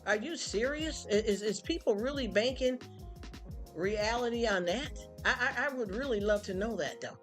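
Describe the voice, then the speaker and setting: A woman's voice: fairly high pitch, animated, moderate pace, soft background music. Fired-up woman ranting on a live stream. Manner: blunt, fired-up, mocking impressions. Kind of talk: venting to live chat.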